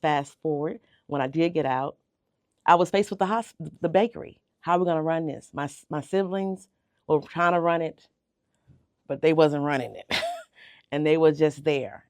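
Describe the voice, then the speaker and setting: A woman's voice: low voice, darkish tone. A middle-aged woman speaks as a guest in a radio studio, telling her story earnestly and from the heart. Her voice is close and dry, with no room echo, and she sometimes repeats words as she gathers herself. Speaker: bakery owner, interview guest. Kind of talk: emotional storytelling in a radio interview. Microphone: radio studio microphone.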